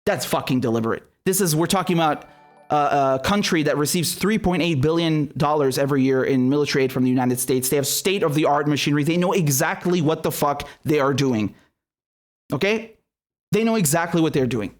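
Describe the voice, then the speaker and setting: A man's voice: fairly high pitch, animated, a little fast. A man giving an unscripted political commentary monologue as the show's host, heated and indignant, swearing often and restarting his sentences.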